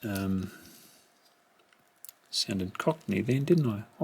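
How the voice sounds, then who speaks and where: A middle-aged man unboxing a collection, musing quietly, half to himself, in a room at home. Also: fairly low pitch, slow pace, gravelly. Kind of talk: casual unboxing commentary. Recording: rustling packaging noise behind.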